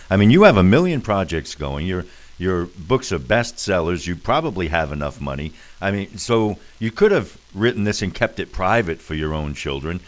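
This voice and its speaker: A man's voice: sits low, lively intonation, a little fast. A man hosting a radio interview, chatty and pressing with his questions. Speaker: radio host.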